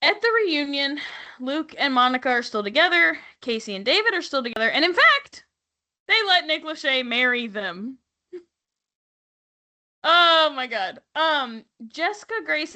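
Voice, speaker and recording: Sharp and high-pitched, this woman's voice carries sarcastic, profane banter as she co-hosts a podcast recapping reality TV, tossing in laughing asides.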